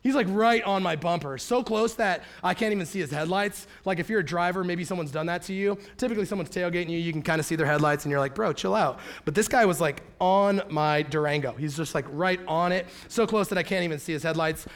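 A man in his thirties preaching a sermon in a church, telling stories in a lively, animated way and acting out quotes. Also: sits high, quick pace, few pauses. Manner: animated storytelling, acts out quotes. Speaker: pastor. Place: church sanctuary. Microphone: handheld or headset mic.

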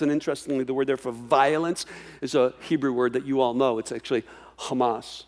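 A man preaching a sermon, animated, often restarting and repeating words as he acts out a dialogue. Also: medium pitch, brisk. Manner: animated, acts out voices of God and the prophet. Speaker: pastor.

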